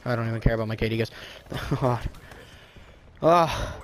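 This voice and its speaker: A man giving live gameplay commentary, frustrated and swearing, with sudden excitable outbursts. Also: medium pitch, normal speed, a little hiss or hum. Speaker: gaming video creator.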